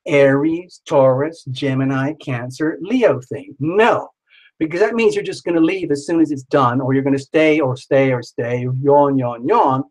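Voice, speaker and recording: This tarot reader runs a livestream and keeps things playful, cracking jokes with sing-song asides. His pitch is fairly high, and the audio is poor.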